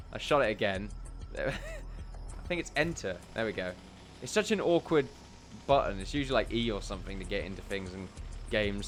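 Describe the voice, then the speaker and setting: A man talks his way through a video game in loose, rambling let's play commentary, full of jokey asides. His voice sits at an ordinary middle pitch for a man. Faint music plays softly behind him. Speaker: gameplay commentator.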